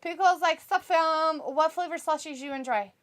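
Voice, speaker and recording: A woman's voice: sits high, normal speed, a bit bright. A woman co-hosting a live watch-along, casually reading viewer comments aloud, laughing often and swearing freely. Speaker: co-host of a wrestling watch-along.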